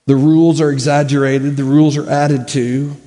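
A man's voice: on the high side, level tone, moderate pace, warm tone. A male pastor preaching a sermon earnestly, using rhetorical questions and emphatic repetition. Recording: long reverb of a large hall.

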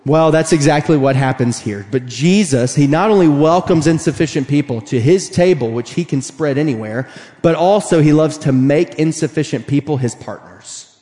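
A man preaching a sermon, animated and emphatic, acting out the voices he quotes. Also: fairly high pitch, normal speed. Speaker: pastor. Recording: long hall reverb.

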